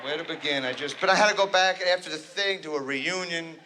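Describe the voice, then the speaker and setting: A man's voice: on the high side, fairly quick, noisy background. A man from New Jersey doing a neurotic, rambling, self-deprecating stand-up routine on stage. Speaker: stand-up comedian. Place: stage before a live audience.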